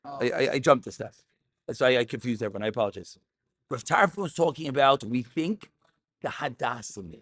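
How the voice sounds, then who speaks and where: A man teaching a Talmud class, animated, mixing English with Aramaic terms and raising his voice for emphasis. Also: medium pitch, a little fast, no echo.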